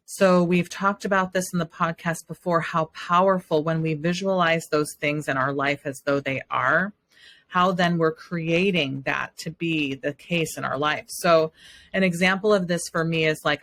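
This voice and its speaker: A woman's voice: sits low, a bit bright. A woman hosting a podcast, talking in an earnest, encouraging way in a motivational monologue. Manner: earnest and encouraging, speaking in affirmations. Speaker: podcast host.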